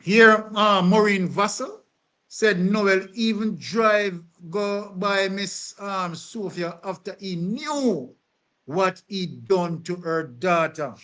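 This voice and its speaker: A man hosting a live-stream commentary, his voice pitched very high for a man. He talks with emphasis, sprinkles in "um" fillers, and often calls on his co-host and the chat. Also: takes it slowly, fairly bright tone.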